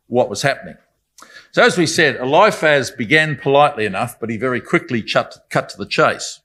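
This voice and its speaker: A man's voice: medium pitch, fairly bright tone. A man giving a Bible study talk in a conversational, reflective way, with apologetic asides. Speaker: Bible speaker.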